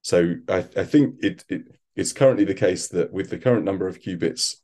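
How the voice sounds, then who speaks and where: A man speaking as an expert guest in a conversational interview, thoughtful and halting, with frequent restarts. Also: deep voice, a little mellow. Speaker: quantum computing expert guest.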